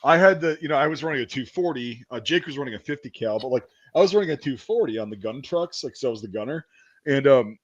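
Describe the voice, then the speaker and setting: Animated, profane man telling war stories. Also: mid-range voice, fast talker. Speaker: podcast host. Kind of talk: casual chat, war stories. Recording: dull lo-fi sound.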